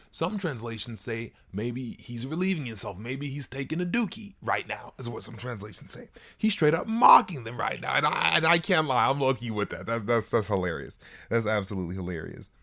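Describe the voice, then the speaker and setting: A man casually retelling a Bible story, joking in slang and swinging his pitch widely for emphasis. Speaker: online Bible teacher.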